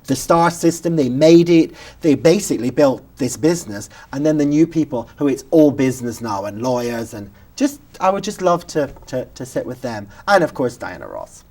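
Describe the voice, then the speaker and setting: A man's voice: mid-range voice, normal speed, hardly any pauses. A British man hosting a talk show, telling anecdotes in casual chat and acting out the lines of the people he quotes. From Britain. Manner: animated storyteller who acts out quotes.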